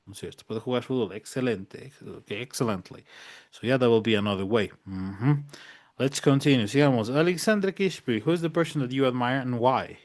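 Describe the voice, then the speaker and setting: Man teaching English slowly. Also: mid-range voice, animated. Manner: slow drilled example sentences, repeats in Spanish. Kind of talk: online bilingual lesson.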